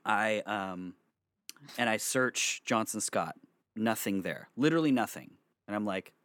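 A man's voice: on the low side, moderate pace, dry recording, studio quality. A young man telling a long personal story to friends in a casual, rambling way, with swearing and laughter. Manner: rambling, animated, swears, laughs between lines.

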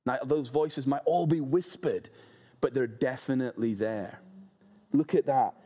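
A man preaching a sermon, reading scripture and telling lively, humorous stories. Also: medium pitch, unhurried, breathy edge. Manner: animated, humorous storytelling.

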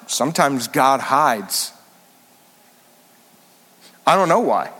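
A man preaching a sermon as senior pastor, animated and emphatic, sometimes rising suddenly loud. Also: medium pitch, takes it slowly, long reverb tail.

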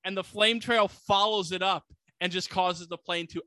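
A man's voice: sits high, steady tone, normal speed, pushed and bright, no room sound. A man co-hosting a casual podcast, animatedly retelling a movie plot and acting out quoted lines. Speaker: podcast co-host. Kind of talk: casual movie recap chat.

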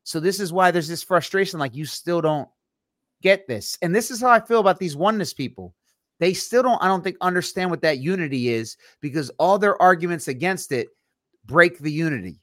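A man's voice: sits high, lively intonation, fairly quick, a bit bright, no room sound. Man explaining scripture, dry close sound. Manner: walks through scripture quoting verse by verse. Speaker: podcast co-host. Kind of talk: casual Bible discussion.

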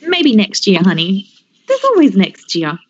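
A woman's voice: medium pitch, huge pitch swings, a little slow, slightly rough, lo-fi sound, heavily acted. A woman voicing a sweet, condescending female talent show judge. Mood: gently patronizing.

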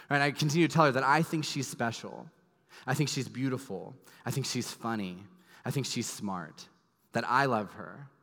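A man in his thirties, a pastor preaching a sermon, earnest and emphatic, dropping to soft low tones at tender moments. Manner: earnest, emphatic storytelling with sudden soft drops. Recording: long hall reverb.

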